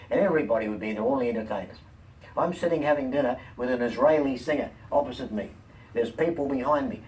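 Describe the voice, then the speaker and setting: An older man, a comedian and talk-show guest, telling lively anecdotes and voicing the people in them. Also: medium pitch. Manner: lively, quotes people in animated voices. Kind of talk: anecdotal storytelling. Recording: distant mic, faint room noise.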